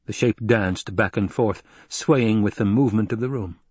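A man narrates an audiobook in a measured, steady way, with a husky tone. The sound is close and dry, with no room around it. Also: lowish voice, no echo. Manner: measured storytelling. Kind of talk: scripted narration.

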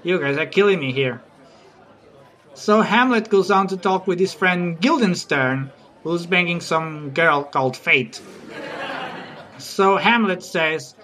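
A man's voice: sits high, slow, bright, forceful tone. A man doing a stand-up comedy routine, chatty, teasing the audience and giggling at his own jokes.

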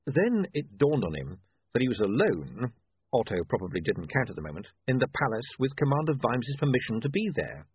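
Male audiobook narrator, lively delivery, slightly husky, lo-fi phone sound. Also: mid-range voice, brisk, no room sound. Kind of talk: scripted narration. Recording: tinny dry phone-like line.

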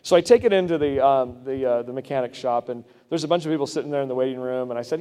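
A man's voice: mid-range voice, very fast, few pauses, warm tone. A man preaching a sermon to his congregation, talking in a conversational way that climbs to emphatic peaks. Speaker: pastor. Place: church sanctuary. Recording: long hall reverb.

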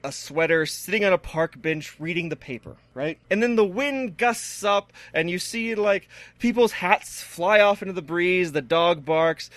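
A man's voice: high voice, fairly bright tone, no room sound. A man co-hosting a comedy podcast, spinning absurd shock-humor bits with stammering restarts. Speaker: podcast co-host. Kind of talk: casual comedic podcast banter.

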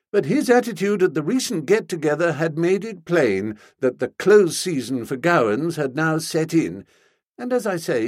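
Husky, animated male audiobook narrator. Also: medium pitch, dry recording, clean studio sound. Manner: wry, animated, comic. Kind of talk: scripted comic narration.

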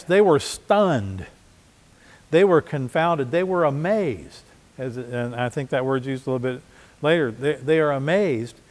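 A man's voice: fairly high pitch, darkish tone, long reverb tail. A man preaching a sermon as pastor, conversational, with frequent restarts and repeated words. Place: church.

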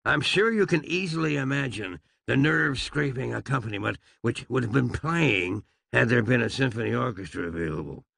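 Gravelly, wry male storyteller. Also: medium pitch, animated, fairly quick, hardly any pauses, fairly bright tone, no echo. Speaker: narrator. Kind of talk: audiobook narration.

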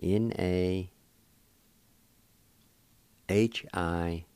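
Slow, deep older man teaching words. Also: steady tone, a little mellow, clean tone, dry recording. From Cherokee Nation, Oklahoma. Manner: slow, patient, repeats each syllable. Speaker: radio host teaching Cherokee words. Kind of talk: slow spelled-out language lesson.

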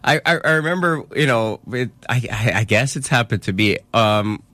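A young man with a Filipino accent hosting a call-in radio show, telling stories in a lively, chatty way. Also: mid-range voice, normal speed, no echo. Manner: lively storyteller, mixes English and Tagalog. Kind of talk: casual call-in radio chat.

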